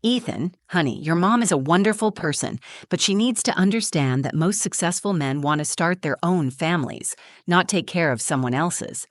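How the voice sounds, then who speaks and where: A condescending young bride-to-be, read by a woman narrator, talking down to her friend in a preachy, self-satisfied way. Her voice sits fairly low for a woman. It sounds dry and close, with no room around it. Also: expressive, normal speed, hardly any pauses, no echo, natural voice. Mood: smug. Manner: preachy, patronizing.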